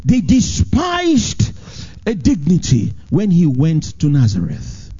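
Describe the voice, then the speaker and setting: A man preaching a sermon as pastor, with animated delivery that swings from high emphatic lines to low, drawn-out ones. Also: slightly rough, highs cut off.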